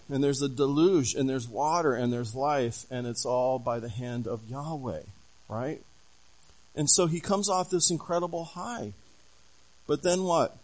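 Male pastor, middle pitch, animated storytelling sermon full of questions to the congregation. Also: low-quality recording.

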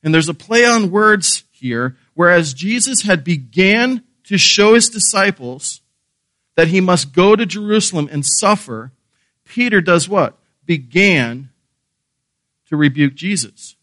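A man's voice: high-pitched, lively intonation, unhurried, pushed and bright, no echo. A man preaching a sermon, earnest and emphatic, asking rhetorical questions and repeating key phrases. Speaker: pastor.

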